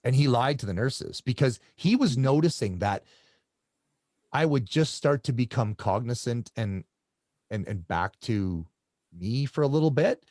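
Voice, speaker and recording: A man's voice: mid-range voice, lively intonation, unhurried, darkish tone, dry recording, clean studio sound. A man from Canada, a coach, telling his story as an interview guest in a rambling way with many restarts.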